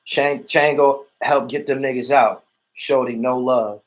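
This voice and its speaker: A man's voice: mid-range voice, fairly even intonation, unhurried, poor audio. Blunt man, street talk, repeats his points while answering comments on a livestream. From Erie, Pennsylvania. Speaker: vlogger reading viewer comments. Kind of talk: livestream rant reacting to comments.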